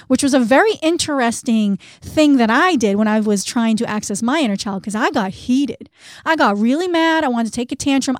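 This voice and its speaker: Woman podcast host, chatty and candid, kinda high voice, dry mic. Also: no echo. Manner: candid and chatty, laughs at herself. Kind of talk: casual self-help podcast talk.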